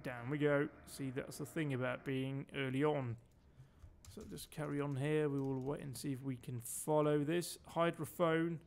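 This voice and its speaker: A man's voice: fairly high pitch, steady tone, normal speed, vocal fry, darkish tone. A man from Denmark giving chatty, sweary commentary while streaming a game and barking orders at his crew. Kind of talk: casual gameplay commentary.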